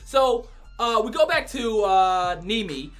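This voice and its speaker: Excitable crude male reviewer, bright voice. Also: high voice, slow pace, faint music behind. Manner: animated, crude and excitable, often breaking into loud exclamations. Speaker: anime reviewer. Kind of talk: casual spoken review.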